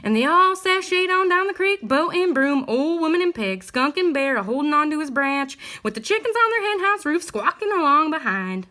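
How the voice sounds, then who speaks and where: A woman reading a bedtime story aloud in a gentle, expressive way. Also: high voice, normal speed, few pauses.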